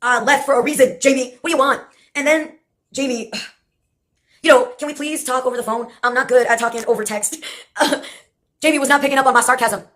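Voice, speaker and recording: A woman's voice: high voice, fairly even intonation, brisk, pauses often, fairly bright tone. A woman from Texas in a rambling, sarcastic monologue, swearing and laughing often as she jumps between topics. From Brownsville, Texas.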